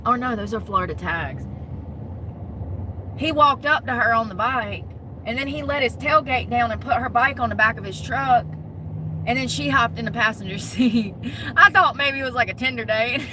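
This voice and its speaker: A woman's voice: on the high side, background noise. A woman live-streaming from her parked truck on her phone. She chats casually with her viewers, laughs often and greets them by name.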